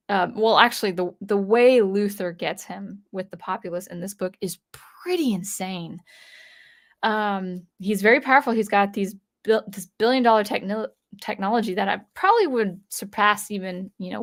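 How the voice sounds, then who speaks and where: A woman giving a casual, rambling spoken review of comic books, talking animatedly while flipping through pages. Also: medium pitch.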